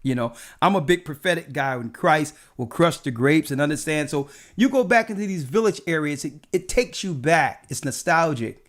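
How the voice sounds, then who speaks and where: A man with a fairly high voice tells stories from his travels in an easygoing chat. He is a church elder who keeps checking in with his listener with "right?" as he goes. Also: moderate pace, few pauses. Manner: animated anecdotes with frequent "right?" asides. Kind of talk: casual storytelling chat.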